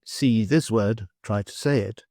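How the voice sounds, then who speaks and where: A man's voice: fairly low pitch, warm tone, dry recording, studio quality. A man with a Greek accent teaching beginner vocabulary, patiently sounding out each word syllable by syllable. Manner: slow, patient, repeats words syllable by syllable. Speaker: language teacher. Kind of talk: slow vocabulary lesson with pronunciation drills.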